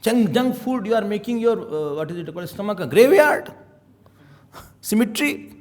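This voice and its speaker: A swami preaching in English with an animated, storytelling manner. His voice sits high and swings widely in pitch, rising and falling with emphasis. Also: moderate pace. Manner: animated, acts out little scenes, chuckles often. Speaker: swami giving spiritual talks. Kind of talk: sermon.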